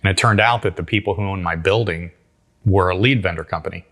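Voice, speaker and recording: A man, a guest entrepreneur, telling his business story in an animated, casual way, acting out what people said. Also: deep voice, fast, a little hiss or hum. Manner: casual, folksy grammar. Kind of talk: storytelling interview.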